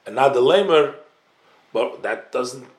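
Man teaching a text study, slow deliberate pace, mid-pitched voice, careful explaining. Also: animated. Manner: reads Hebrew phrases then translates them into English. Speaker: Torah teacher.

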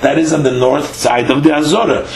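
A man teaching a daily Talmud lesson. He reads a phrase of the text, translates it, and explains it in a halting way with many "uh" fillers. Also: on the high side, steady tone, reverberant, poor audio. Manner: reads Hebrew-Aramaic phrases, then translates them.

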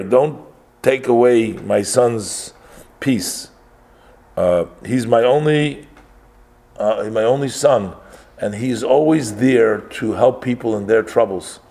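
A man's voice: medium pitch, expressive, slow pace, vocal fry, pauses often, darkish tone, full character voice. A man voicing a distraught elderly mother who pleads and cries out in a raised voice. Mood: pleading. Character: distraught elderly mother defying arresting police.

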